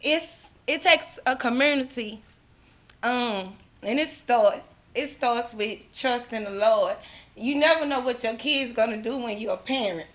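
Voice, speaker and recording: Her voice is on the high side and fairly bright, and she talks a little slowly. The middle-aged woman offers an emotional personal testimony as a mother at an awards ceremony, fervent and repetitive, with religious language and many restarts.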